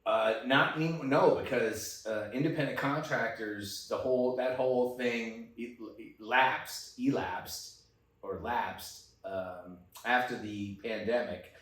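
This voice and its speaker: A man's voice: medium pitch, steady tone, takes it slowly, a bit bright, recorded from a distance. A man in his fifties telling a story in a casual chat, ranting and swearing a lot and repeating himself. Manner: ranting, profane, repetitive. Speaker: guest. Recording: echoey room, off-mic.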